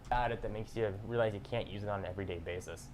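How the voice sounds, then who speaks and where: A man presenting a scripted gadget review in a measured, explanatory way. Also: fairly low pitch, a little mellow. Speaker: tech reviewer.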